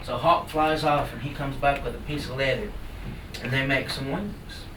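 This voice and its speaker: A man storytelling a folk tale live, lively and animated as he acts out the action. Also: medium pitch, moderate pace. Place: indoor talk venue. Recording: roomy room from far off, noisy.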